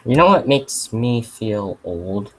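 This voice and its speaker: Teen boy, live stream host, casual chat, rambling, halting, faint background hiss. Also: mid-range voice, lively intonation, fairly bright tone, rough recording. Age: teens. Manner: rambling, halting, lots of fillers. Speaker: YouTuber hosting a live Q&A.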